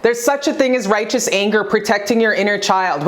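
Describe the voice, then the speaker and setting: A young woman giving a spiritual motivational talk to her viewers, emphatic and preachy, repeating phrases for effect in a forceful way of speaking. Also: mid-range voice, fairly quick. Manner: forceful, says she talks aggressively. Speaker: vlogger.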